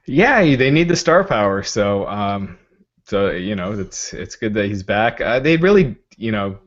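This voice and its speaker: A man with a lowish voice co-hosts a casual podcast. He talks in a laid-back, easygoing way. The audio is dull and lo-fi. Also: sing-song, unhurried.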